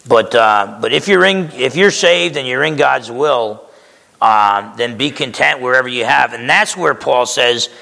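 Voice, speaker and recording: A man's voice: medium pitch, lively intonation, unhurried, creaky, pushed and bright, long reverb tail. A man preaching a sermon as pastor, conversational and emphatic, often checking in with his listeners.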